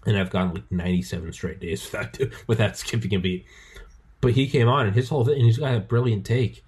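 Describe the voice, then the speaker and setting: Rambling, swearing podcast host. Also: male voice, fairly low pitch, quick pace, darkish tone, slightly rough. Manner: rambling storyteller, swears, acts out quotes in a raised voice. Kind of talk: casual chat.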